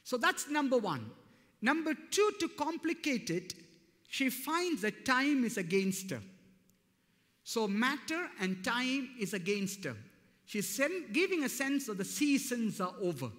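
A man's voice: very high voice, very animated, unhurried, a bit bright. A man preaching a sermon as pastor, speaking emphatically and building to fervent declarations. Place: church hall. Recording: long hall reverb.

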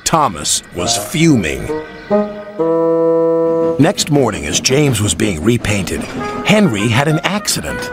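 A man narrating a children's railway story in a plain, steady storytelling way. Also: medium pitch, takes it slowly, creaky, pauses often. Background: background music.

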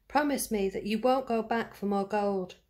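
A woman voicing a poor, sick, worried widowed mother in a read-aloud storybook, with a higher, pleading voice. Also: moderate pace, mellow, lightly acted. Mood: earnest.

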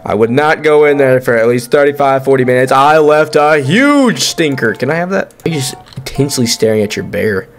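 A young man giving let's-play commentary on a horror game, excitable, joking and swearing as he reacts. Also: medium pitch, quick pace, hardly any pauses, faint music behind. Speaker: gaming YouTuber.

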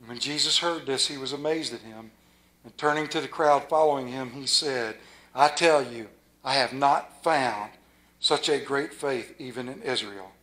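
A man preaching a sermon as a pastor, folksy and playful with a rural Maryland accent, dropping to a hushed, reverent tone. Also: medium pitch, moderate pace, a little hiss or hum.

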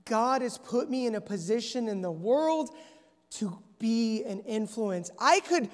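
This man's voice is high and slightly dark, animated yet a little slow. He's preaching in a church sanctuary, telling stories earnestly with frequent restarts, and the hall's echo carries through the recording.

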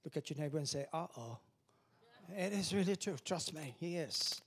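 A male pastor delivers an emphatic sermon, leading the congregation in call-and-response. His voice sits a little high with a husky, breathy edge. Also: fairly quick, a bit bright.

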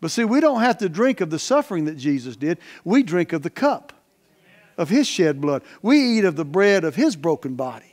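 With a fairly high, sing-song voice at a moderate pace, this man preaches as pastor. His style is homespun and plain-talking, moving emphatically from loud stresses to hushed side remarks.

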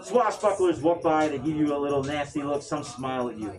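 A man narrating a pirate tabletop game as game master, with a fairly high pitch and a loose, casual delivery full of fillers. Music plays under his voice. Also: brisk, poor audio.

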